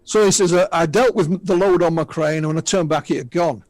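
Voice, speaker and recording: A man's voice: a little high, fairly even intonation, brisk, a little mellow, no room sound. A man in his sixties from the north of England, with a Northern English accent, chatting as a guest and retelling witness stories with asides. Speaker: guest UFO researcher. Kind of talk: casual radio interview storytelling.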